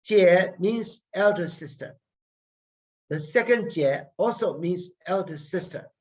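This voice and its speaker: A man teaching a language workshop online, deliberately drilling each sound and repeating words for learners. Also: high voice, lively intonation. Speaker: language lecturer. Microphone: video call. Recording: muffled video call audio.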